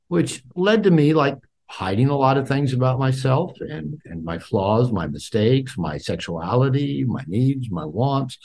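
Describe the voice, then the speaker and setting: A man's voice: medium pitch, very animated, a little slow, darkish tone. An older man in an interview, a therapist and author, telling his personal story candidly and reflectively, with many fillers and restarts.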